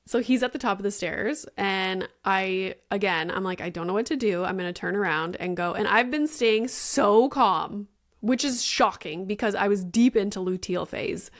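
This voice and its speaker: A woman's voice: mid-range voice, normal speed. A woman in her thirties hosting a podcast, telling a parenting story in a chatty, casual way, full of "like" fillers and casual swearing. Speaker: podcast host.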